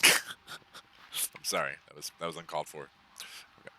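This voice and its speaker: A man hosting a game session in casual chat, animated and quick to laugh as he gushes over the creatures. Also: very deep voice, slight background noise. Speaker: host and game player.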